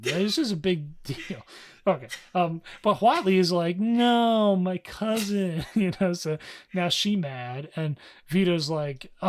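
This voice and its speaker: A young man co-hosting a podcast, recapping a story in a casual, slangy way and slipping into quick character voices. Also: on the high side, slight background noise. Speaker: podcast co-host.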